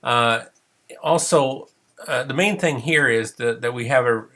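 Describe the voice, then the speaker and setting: A man's voice: mid-range voice, measured pace, pushed and bright. A middle-aged man who is losing his voice, talking in a chatty, rambling way with many fillers as he leads an online training session. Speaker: counseling supervision trainer. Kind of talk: casual online training webinar.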